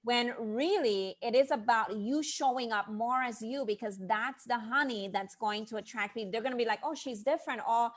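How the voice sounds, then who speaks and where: High-voiced woman podcast host. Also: normal speed, hardly any pauses. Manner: animated storyteller, quotes people in lively asides. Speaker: podcast host and brand coach. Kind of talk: casual interview chat.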